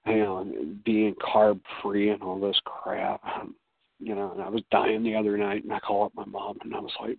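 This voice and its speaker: A man, a guest on a casual talk show, telling animated stories and jumping high in pitch for quoted voices. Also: normal speed, creaky, husky, no echo. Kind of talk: casual chat. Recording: tinny phone-like sound.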